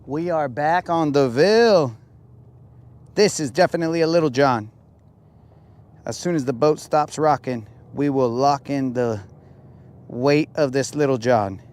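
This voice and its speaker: A young man from New Mexico, talking casually and joking while bass fishing from a boat on a lake. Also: a little mellow. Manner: laid-back, jokey, drawn-out playful lines. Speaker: fishing vlogger.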